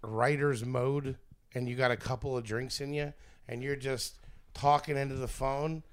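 A man's voice: medium pitch, fairly even intonation, moderate pace, smooth. A man chatting on a casual comedy podcast, answering with dry, teasing comebacks.

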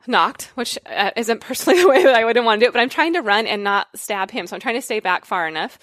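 A woman's voice: a little high, lively intonation, quick pace, fairly bright tone, dry recording, clean studio sound. A woman telling a story in casual conversation, acting out quotes and laughing often. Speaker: guest.

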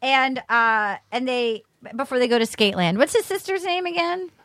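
A woman's voice: high voice, expressive, normal speed, a bit bright, dry recording, studio quality. A woman co-hosting a podcast, chatting casually and animatedly about a TV episode, laughing often and acting out quotes. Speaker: podcast co-host. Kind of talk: casual chat recapping a dating show.

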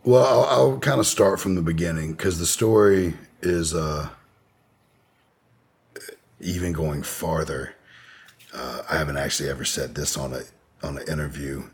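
A man's voice: extremely low pitch, moderate pace, pauses often, a little mellow, breathy edge. A man telling a long personal story as a podcast guest, in a laid-back, profane, rambling way. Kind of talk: casual storytelling in an interview.

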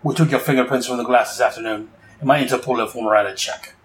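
A man voicing a suspicious male crime boss from a comic, with slow, formal, threatening speech. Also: medium pitch, fairly even intonation, close to an everyday voice.

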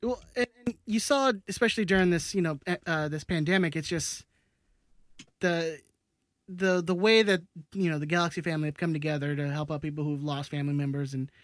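A man's voice: on the high side, fairly even intonation, fairly quick, dry recording. A man co-hosting a podcast in casual chat, often repeating words as he talks. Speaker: podcast co-host.

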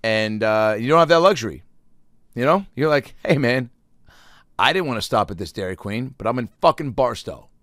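Comic monologist, male, profane and rambling, animated pitch, loud bursts when quoting. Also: moderate pace, no echo, clean studio sound. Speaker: comedian.

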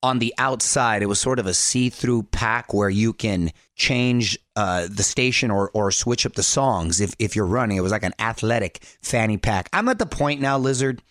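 Energetic male radio host, dry studio sound. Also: lowish voice, moderate pace, few pauses, no echo. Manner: energetic, playful, joking. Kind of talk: upbeat radio show hosting. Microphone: studio microphone.

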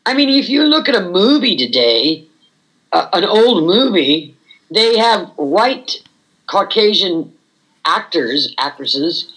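A woman's voice: on the low side, big pitch swings, takes it slowly, fairly bright tone, slightly rough, rough recording. An older woman, a former burlesque performer, reminiscing frankly in a chatty interview and often saying "you know".

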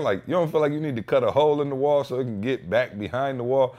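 A man hosting a podcast, telling a casual, slangy story with lively energy and acting out what people said. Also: mid-range voice, fast talker, hardly any pauses. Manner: animated storyteller, slangy, acts out quotes. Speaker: podcast host; father.

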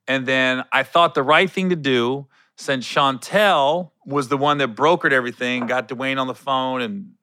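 A man telling a long, rambling story in a casual, animated way, often correcting himself mid-sentence. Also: mid-range voice, smooth, no room sound.

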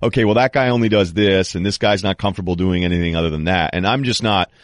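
A man's voice: low-pitched, fast, no room sound, clean studio sound. A man hosting a sports podcast in casual chat, hesitant and self-deprecating with wry humor. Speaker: podcast host.

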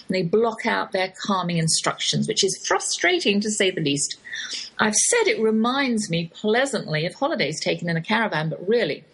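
Husky-voiced English woman hosting a chat show. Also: medium pitch, poor audio. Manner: chatty and wry, with British turns of phrase. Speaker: host. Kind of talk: chatty radio talk show monologue. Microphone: studio microphone in a home office.

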